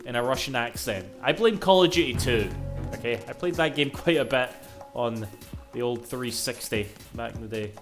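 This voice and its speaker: A man's voice: medium pitch, normal speed. Scottish male streamer, loose chatty commentary with plenty of cursing, music underneath. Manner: chatty, swears freely while fretting over crashes. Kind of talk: casual gameplay commentary. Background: game music.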